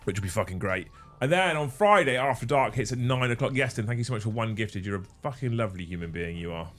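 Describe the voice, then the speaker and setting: Male stream host, sweary and lively, light music underneath. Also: medium pitch, fast. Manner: sweary, excitable, thanks viewers by name. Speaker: livestream host. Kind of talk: casual livestream chat.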